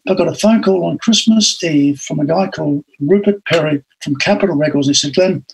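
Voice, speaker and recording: An older Australian man, a guest in an interview, telling long stories with lively acted-out quotes. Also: fairly high pitch, a little fast, gravelly, hardly any pauses, slight background noise, low-quality recording. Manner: animated anecdotal storytelling with acted-out quotes. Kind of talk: storytelling in an interview.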